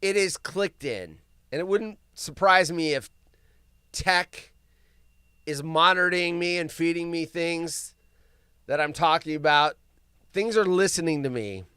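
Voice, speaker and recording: A man hosting a live show in casual chat, rambling and often bursting into yelling. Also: fairly high pitch, a little slow, pauses often, smooth, no echo, clean studio sound. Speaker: podcast host.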